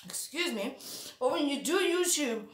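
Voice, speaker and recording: A woman's voice: high-pitched, animated, normal speed, roomy sound, a little hiss or hum. A woman chatting theatrically while eating spicy food, sometimes talking with her mouth full. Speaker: YouTuber. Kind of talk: casual eating vlog chat.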